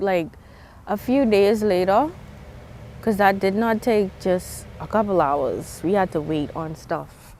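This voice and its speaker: A woman's voice: mid-range voice, a little mellow. A young woman with a Bahamian accent, talking candidly to viewers as she tells her own story on a vlog. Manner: candid and chatty, with restarts and asides to viewers. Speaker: vlogger. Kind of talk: personal storytelling to camera.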